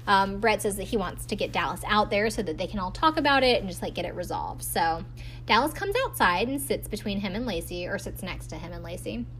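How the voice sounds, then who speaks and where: A woman's voice: mid-range voice, a bit bright, slight background noise. Snarky woman gossiping through a show recap, chatty, does silly voices for quotes. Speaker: podcast host recapping a reality dating show. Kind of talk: casual recap chat.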